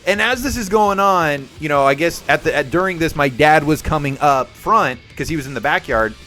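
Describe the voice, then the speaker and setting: A young man hosting a live stream and telling a story to his viewers. His voice is high, bright and bouncy. He acts out the people in his story, and soft music plays in the background. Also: lively intonation, moderate pace. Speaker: livestream host. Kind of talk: casual storytelling chat with viewers.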